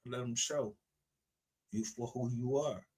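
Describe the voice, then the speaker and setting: A man's voice: medium pitch, slow, darkish tone, husky. A man ranting aggressively on a livestream, confrontational and full of profanity. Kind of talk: angry livestream rant.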